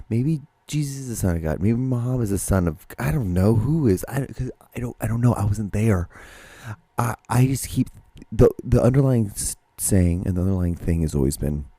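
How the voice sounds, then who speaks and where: Guy doing a solo podcast, deep mellow voice, rambles and swears, super dry close sound. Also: creaky, dry recording. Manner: rambling, many restarts and swearing. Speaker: podcast host. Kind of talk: casual solo monologue.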